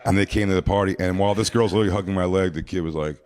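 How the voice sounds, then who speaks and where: Man, comedian, very deep voice, rambling, casual podcast story. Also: steady tone, racing, darkish tone. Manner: rambling, filler-heavy.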